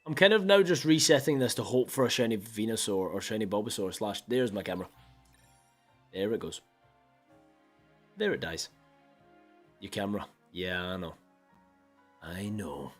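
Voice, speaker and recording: A man's voice: on the low side, normal speed, long pauses, soft background music. A young man chatting casually with viewers while streaming a game, playfully mopey and theatrical. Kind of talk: casual live-stream chat.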